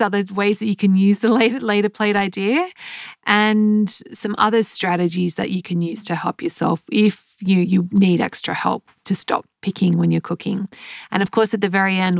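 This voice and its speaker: A woman's voice: medium pitch, gravelly, no echo, clean studio sound. A woman, hosting a podcast in a casual, upbeat monologue with frequent little laughs and fillers. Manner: chatty, upbeat, laughs often, many fillers. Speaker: podcast host.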